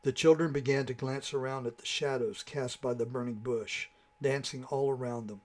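A man reads a storybook tale aloud. His voice is mid-pitched and even. He narrates in a measured, dramatic way.

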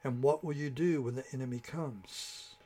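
A man reading a storybook and voicing a cunning male false angel who speaks softly and slowly in a coaxing tone. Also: medium pitch, natural voice.

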